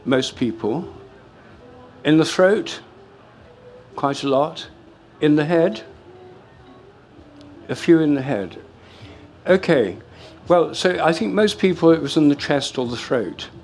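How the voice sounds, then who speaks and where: An older man giving a talk to a live audience in a lecture room, explaining in a measured way with frequent fillers and restarts. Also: a little high, expressive, a little mellow, soft background music.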